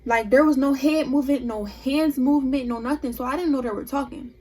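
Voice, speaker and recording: High, husky young woman telling a story. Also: fairly quick. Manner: animated, emphatic storytelling. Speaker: vlogger. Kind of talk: storytime vlog.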